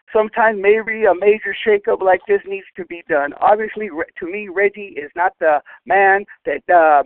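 A man's voice: high-pitched, dry recording. A man calling in to a fan show, ranting and cursing in frustration. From Southern California. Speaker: caller. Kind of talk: angry voicemail rant. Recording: tinny phone line, dry.

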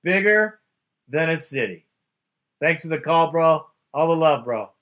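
Upbeat radio host, fairly high voice. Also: male voice, expressive, unhurried, lo-fi sound. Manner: upbeat, calls people bro and man. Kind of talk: call-in radio talk.

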